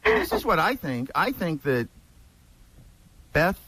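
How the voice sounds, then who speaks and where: A man's voice: high-pitched, huge pitch swings, slow, bright, forceful tone, slightly rough, low-quality recording. A man on a radio talk show who stammers and gets defensive while explaining himself. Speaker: regular guest on the radio show.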